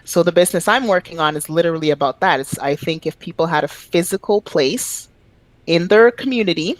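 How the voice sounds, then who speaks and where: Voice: medium pitch, fairly quick, no room sound, poor audio. Opinionated podcast guest, dry close sound. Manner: opinionated, emphatic, frequent fillers. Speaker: guest, language business founder. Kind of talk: casual podcast conversation.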